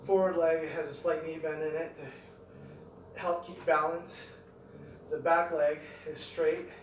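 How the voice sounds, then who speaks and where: Middle-aged male fitness vlogger, thinks out loud; roomy echo, faint ambience behind. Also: fairly high pitch, little pitch movement, slow pace, gravelly, slight background noise. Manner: rambling, thinking aloud between exercises. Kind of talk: talking through a home workout. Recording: echoey room, mic at a distance.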